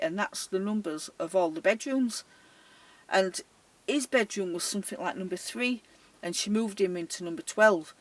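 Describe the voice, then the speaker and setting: A care worker telling a personal story casually, acting out the voices in it. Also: medium pitch. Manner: animated, dialect-heavy, often laughing, acting out the voices in the story. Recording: voice a little distant from the mic.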